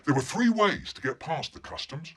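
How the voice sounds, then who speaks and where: A man telling a childhood story to listeners, animated and acting out each scene. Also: a little high, moderate pace, breathy edge. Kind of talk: storytelling performance.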